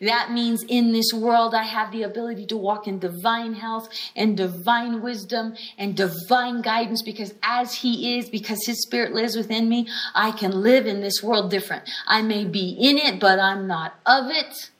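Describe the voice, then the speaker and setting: A woman's voice: a little high, moderate pace, few pauses, a bit bright. A woman giving a conversational teaching sermon at a healing school, telling stories animatedly and stressing points with repeated phrases. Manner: frequent restarts and brief laughs.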